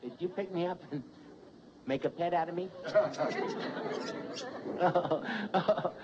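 A man's voice: high voice, takes it slowly, highs cut off, a crowd in the background, noisy background. A man voicing a small, frantic male mouse caught in a trap, whimpering and babbling in a stand-up comedy bit. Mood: whimpering, pained. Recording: old live comedy record, loud audience laughter.

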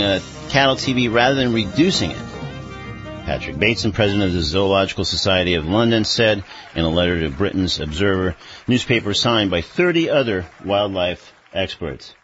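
A man hosting a radio show, reading news and introducing guests in a conversational way with many pauses. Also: on the low side, fairly bright tone, dull audio.

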